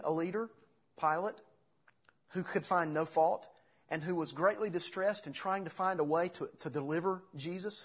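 A man's voice: a little high, breathy edge, dull audio. A man preaching an earnest expository sermon, reading scripture aloud and explaining it to his congregation. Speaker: pastor.

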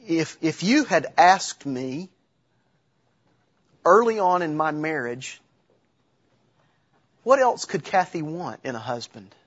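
Middle-aged male preacher, husky and slightly high, chatty sermon delivery with rhetorical questions. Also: fairly bright tone, muffled recording. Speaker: pastor.

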